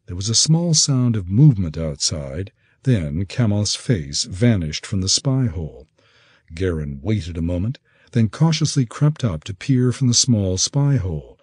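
A man reading an audiobook in expressive, measured scripted narration. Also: on the low side, slightly rough, no room sound, studio quality.

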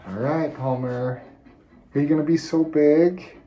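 A father in a car calmly reassuring his family. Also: fairly high pitch, unhurried, muffled recording. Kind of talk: casual family talk.

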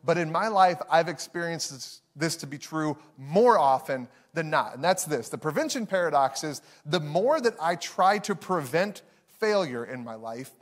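A man's voice: fairly high pitch, animated, moderate pace. A man, preaching a sermon in a conversational, self-deprecating storytelling way to a live congregation. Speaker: pastor.

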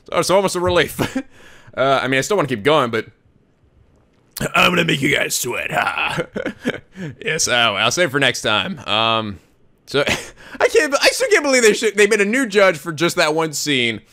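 Excitable young man voicing a game. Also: fairly high pitch, normal speed. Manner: excitable, laughing, swearing, switching into silly character voices. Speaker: let's play gamer. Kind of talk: comic game commentary with voiced characters.

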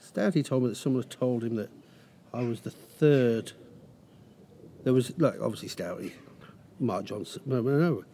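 A man's voice: medium pitch, moderate pace, long pauses, dark tone, slight background noise. A middle-aged man, a racehorse trainer, telling rambling anecdotes in a casual interview. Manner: rambling anecdotes with restarts and acted quotes.

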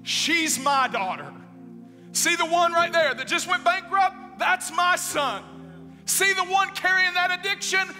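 A man voicing a loving heavenly father who proudly shouts that his children are his own. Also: very high-pitched, measured pace, voice pushed up, full character voice. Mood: proud, exultant. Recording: long church reverb, music behind.

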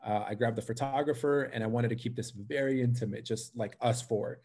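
A man's voice: medium pitch, fairly quick, slightly rough. A man, a live wedding painter, telling a personal story on a casual interview show, acting out his own thoughts as he goes. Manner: animated storyteller, acts out his own inner voice.

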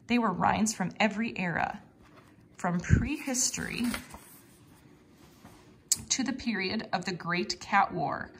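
A woman reads a children's mouse mystery aloud in a slightly gravelly, husky voice. Her delivery is lively and playful, bouncing between narration and the little voices of the characters. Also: medium pitch. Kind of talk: children's storybook read-aloud.

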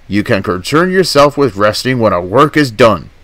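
A man's voice: mid-range voice, expressive, normal speed, background noise, close to an everyday voice. A man voicing a grumpy old tank engine who scolds in a stern, firm way.

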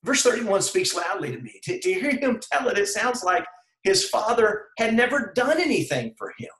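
A man's voice: high voice, sing-song, moderate pace, fairly bright tone, reverberant, rough recording. A man preaching an earnest sermon over a video call, calling his listeners brethren and putting questions to them. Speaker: preacher leading a devotion.

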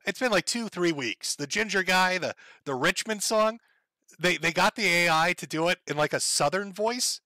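A man's voice: high voice, expressive, moderate pace, pushed and bright, no echo. A man with a Minnesota accent hosting a livestream, rambling casually with profanity and laughing asides. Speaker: livestream host.

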